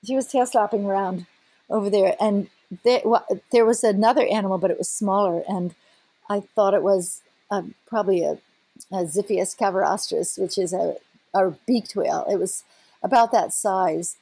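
An older woman, a scientist, animatedly recounting a personal story in an interview with a husky voice. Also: mid-range voice, normal speed, no room sound. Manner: animated, breaks into laughter and restarts. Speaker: scientist guest.

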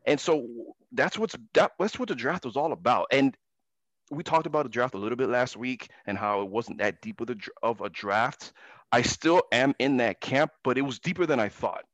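A man's voice: mid-range voice, lively intonation, normal speed, fairly bright tone, no room sound. A man hosting a sports talk radio show, talking emphatically and ranting about basketball.

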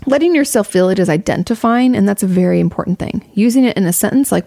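A woman's voice: mid-range voice, sing-song, brisk, creaky, dark tone, dry recording, clean studio sound. A young woman giving casual advice to her viewers, candid and rambling, swearing freely. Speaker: streamer answering a viewer question.

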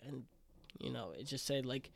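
A man's voice: mid-range voice, normal speed, vocal fry, no echo. A man in his twenties hosting a solo podcast, talking earnestly and emotionally, rambling with many restarts. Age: 20s. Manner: earnest and emotional, choking up at times. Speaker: podcast host.

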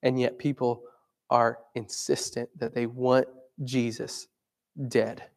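A man's voice: mid-range voice, monotone, slow. A man preaching a sermon in a conversational way, asking his listeners questions.

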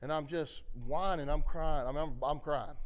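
A preacher delivering an impassioned sermon, swinging between loud exhortation and quiet storytelling. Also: male voice, on the high side, steady tone, moderate pace. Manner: impassioned, rising and falling.

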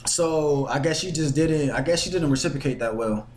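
A young man telling a story casually, animated and slangy, acting out the voices of the people in it and cursing often. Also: on the high side, moderate pace, slight background noise. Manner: animated, acts out quotes with shifting voices. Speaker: podcast host telling a story.

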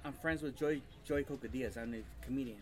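A man on a casual podcast, speaking earnestly and low-key, with some swearing. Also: brisk, over a noisy crowd.

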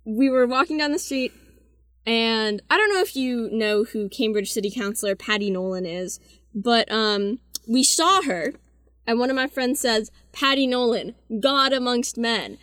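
A teenage girl with a fairly high voice tells story after story, laughing and tossing in quick asides. The sound is dry and close, with no room around her. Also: fairly bright tone, no room sound. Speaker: guest storyteller. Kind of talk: casual chat.

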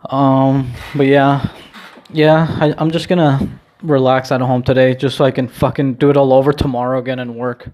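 A man's voice: medium pitch, flat delivery, normal speed, darkish tone. A man vlogging from home in a casual, rambling chat, full of restarts and easy swearing. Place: at home, indoors.

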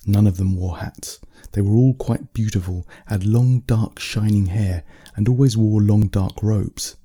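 A man reading a bedtime story aloud in a calm, measured, soft-spoken way. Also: lowish voice, breathy edge.

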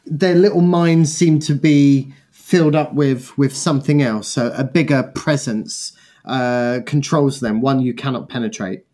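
A man narrating a tabletop role-playing game as game master, in calm, descriptive storytelling. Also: medium pitch, unhurried.

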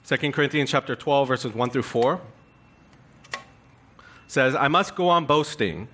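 A man's voice: medium pitch, unhurried, sharp tone, a little hiss or hum. A man preaching a sermon, reading scripture aloud with emphatic, rising stress. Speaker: pastor.

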